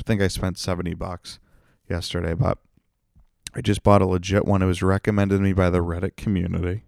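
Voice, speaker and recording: A comedian hosts his own podcast, venting and swearing through a loose solo monologue. His voice sits very low with a rough, gravelly fry to it. The sound is dry and close, with no room echo. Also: darkish tone. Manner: profane, ranting and venting.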